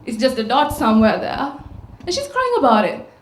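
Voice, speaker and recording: A woman's voice: high voice, sing-song, moderate pace. A woman giving a public talk, telling a story and asking the audience rhetorical questions. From Sri Lanka. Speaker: conference speaker. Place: large auditorium. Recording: echoey auditorium sound.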